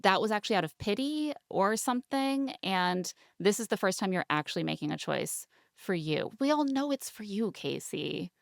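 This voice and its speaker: A young woman co-hosting a podcast, recapping a reality show in animated, indignant casual chat. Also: medium pitch, normal speed, gravelly, no room sound, studio quality. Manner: animated, indignant, quotes people in mocking voices. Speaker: podcast co-host.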